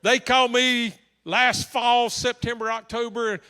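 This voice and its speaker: A man's voice: very high-pitched, fairly even intonation, a little slow, pushed and bright, clear, resonant tone. A male pastor telling a story in a sermon, in a humorous, anecdotal way, in a large church. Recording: long hall reverb.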